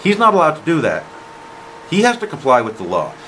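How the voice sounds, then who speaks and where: A man's voice: a little high, brisk, low-quality recording. Guy telling a story to camera, voice jumps up and down a lot, acts out what everyone said, faint ac hum behind. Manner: animated retelling, quotes others in dialogue. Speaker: vlogger.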